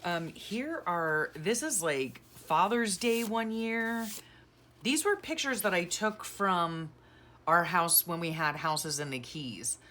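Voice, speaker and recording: A woman's voice: on the low side, animated, takes it slowly, pushed and bright. A middle-aged woman vlogger chatting casually and sentimentally as she sorts her craft keepsakes, gushing and rambling. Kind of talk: casual chat while decluttering.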